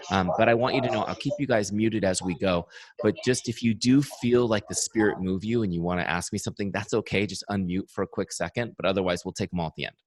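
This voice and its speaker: Upbeat low-voiced man leading a training call. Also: no echo. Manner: enthusiastic, conversational, repeats key phrases. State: early morning voice. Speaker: software founder teaching a training call.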